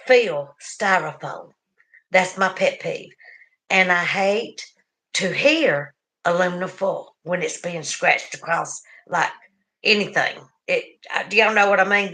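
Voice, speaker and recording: A middle-aged woman with a Southern US accent hosting a casual livestream, chatting warmly with viewers and laughing often. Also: mid-range voice. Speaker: livestream host.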